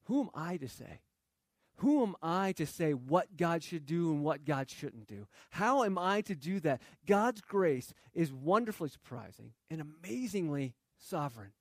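A man's voice: fairly high pitch, big pitch swings, measured pace, no echo, studio quality. A man preaching a sermon in a conversational way, reading scripture and asking rhetorical questions. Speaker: pastor.

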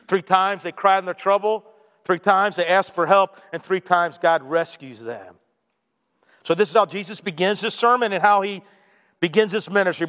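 A man preaching with a rather high voice, animated in his storytelling and falling quiet for emphasis. His words ring out with a long echo through a big hall. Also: moderate pace. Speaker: pastor. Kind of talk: sermon.

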